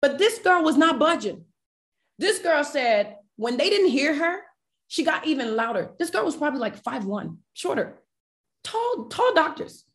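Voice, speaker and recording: A woman's voice: high-pitched, unhurried. Emotional woman telling a personal story. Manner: emotional, animated retelling with quoted dialogue. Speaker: podcast guest.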